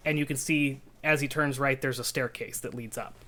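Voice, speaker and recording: Guy running a tabletop game, halting descriptive narration, middle pitch. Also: steady tone, sharp tone, a little hiss or hum. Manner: descriptive, halting, many fillers. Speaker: game master.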